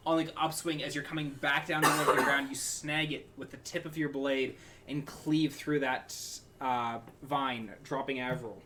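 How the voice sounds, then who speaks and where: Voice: medium pitch, steady tone, normal speed, noisy background. A game master narrating a tabletop game in a casual, rambling way, full of "like" and "uh". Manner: casual, filler-heavy narration with swearing.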